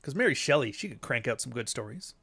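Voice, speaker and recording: A man's voice: sing-song, fast, bright, forceful tone, husky. A middle-aged man with a Canadian accent and a nasal voice, talking bluntly and crudely in a casual podcast monologue. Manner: blunt, crude and sardonic, with sudden high-pitched outbursts. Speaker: podcast host.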